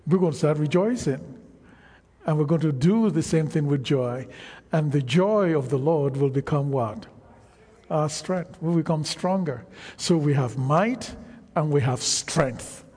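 A man delivers a sermon at a deliberate, unhurried pace, drawing out his phrases and pausing for the congregation to answer. His voice is a little higher than most men's, yet dark and husky in tone. The sound carries the long reverb of a large hall. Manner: slow, emphatic preaching with frequent call-and-response. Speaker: preacher.

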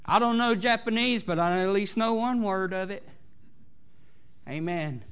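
High-voiced Southern preacher. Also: male voice, unhurried, smooth. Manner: preachy, rising and falling between loud exhortation and soft asides, many "amens". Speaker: pastor. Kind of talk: sermon. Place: church sanctuary.

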